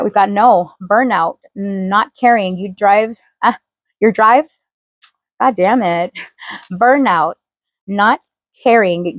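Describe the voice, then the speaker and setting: A woman's voice: medium pitch, no echo. Woman, tarot reader, casual chatty reading, lots of fillers, dry close sound. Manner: chatty, loose, heavy on fillers.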